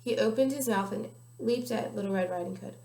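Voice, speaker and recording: A woman's voice: medium pitch, brisk, mellow. Young woman, storybook read-aloud, careful, small slips, echoey room. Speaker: guest reader. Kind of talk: reading a picture book aloud.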